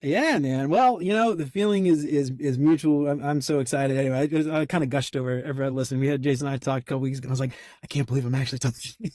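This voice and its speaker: A man's voice: mid-range voice, quick pace, darkish tone, no echo, clean studio sound. A man hosting his podcast in a casual, enthusiastic, gushing way. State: out of breath. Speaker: podcast host.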